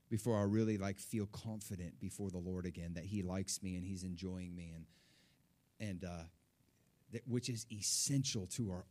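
A man preaches a sermon built around a personal story. His delivery is animated and excitable, climbing high whenever he relives moments of joy.

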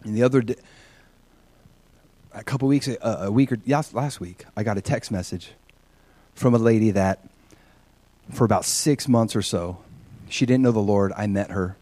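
Animated man preaching a sermon. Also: on the low side, normal speed, pauses often, no echo. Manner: animated storytelling, acting out quoted people. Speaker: pastor. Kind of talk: sermon with personal stories.

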